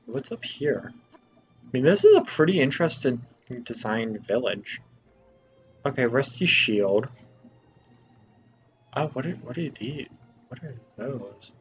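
A man's voice: mid-range voice, big pitch swings, slow pace, long pauses, muffled recording, faint music behind. A young man giving let's play commentary in a playful, jokey, mock-exasperated way. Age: young adult. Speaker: gamer.

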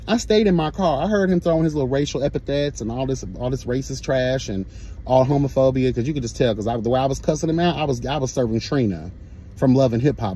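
A man telling a story in a sassy, profane, animated storytime rant. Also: mid-range voice, fairly quick, husky. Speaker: vlogger.

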